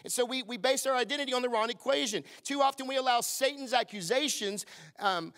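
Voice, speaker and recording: Man, pastor preaching a sermon, high voice, call-and-response. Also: fairly quick. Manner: preaching with call-and-response, dropping to a hushed voice for quoted lines. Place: church service.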